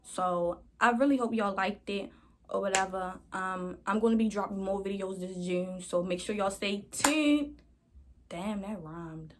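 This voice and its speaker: A woman's voice: mid-range voice, unhurried, noisy background. A young woman vlogger telling a storytime in a rambling, slangy way, often calling her viewers y'all. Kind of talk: casual storytime.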